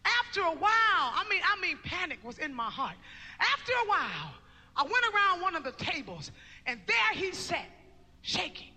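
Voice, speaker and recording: A woman telling her testimony in a sermon, recounting the story with emphasis and breaking into shouted praise. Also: very high-pitched, sing-song, normal speed, in a large hall. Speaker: mother giving testimony.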